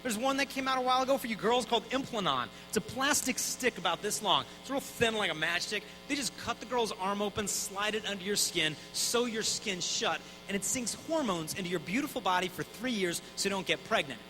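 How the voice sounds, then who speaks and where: A man in his thirties giving an energetic, conversational talk at a conference, acting out voices in his stories. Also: sits high, fairly quick, hardly any pauses, music in the background, low-quality recording. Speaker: Catholic speaker. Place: conference hall.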